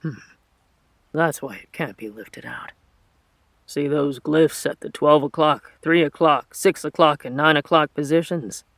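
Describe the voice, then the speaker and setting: A man voicing a grim, paranoid male sorcerer who explains things in a measured, teacherly way. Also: a little high, fairly bright tone, no room sound. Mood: instructive.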